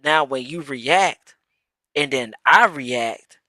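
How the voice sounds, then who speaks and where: Bright-voiced man in casual stream chat. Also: medium pitch, expressive, slow pace, no echo. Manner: repeats words while building a point, slangy. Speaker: podcast co-host.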